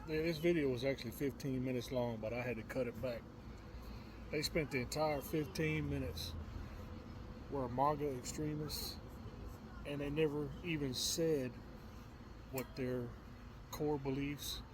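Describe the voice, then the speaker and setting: A man giving casual political commentary on his own channel, halting and often repeating his words. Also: medium pitch, steady tone, noisy background. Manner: repetitive, halting, stumbles over words.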